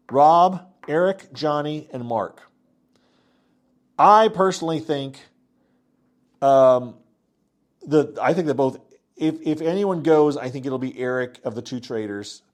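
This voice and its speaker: A man's voice: fairly high pitch, takes it slowly, pauses often. A middle-aged man casually recapping a reality TV episode, rambling with restarts and acting out what people said. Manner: rambling, many restarts and "um"s, acts out quotes.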